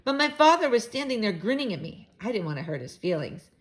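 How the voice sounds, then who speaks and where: A woman reading a children's book aloud to young listeners, with expressive, animated storytelling. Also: fairly high pitch, fast.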